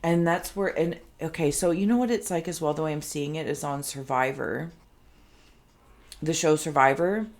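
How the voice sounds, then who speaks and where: A woman reading cards in a reflective, wandering way, often pausing to search for the right word. Her voice sits low and carries a gravelly fry. Her throat sounds phlegmy. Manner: meandering, searching for words, slow and reflective. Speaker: tarot card reader. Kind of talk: intuitive pick-a-card reading.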